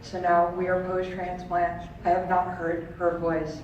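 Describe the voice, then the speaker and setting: A woman's voice: on the low side, completely flat delivery, measured pace, darkish tone. A woman in her thirties tells a heartfelt personal story to an audience and acts out the voices of the people she quotes. She is heard from far off on a dull recording. The large hall around her echoes heavily. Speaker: speaker at a charity auction. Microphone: handheld camera far from the stage. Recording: distant, dull and very echoey with faint room noise.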